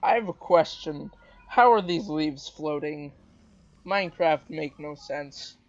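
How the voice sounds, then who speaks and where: A man with a high voice chats through a game session, teasing and exasperated by turns, and bursts into loud exclamations. The mic sounds dull and lo-fi. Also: takes it slowly. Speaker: gameplay commentator. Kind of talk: casual gaming commentary.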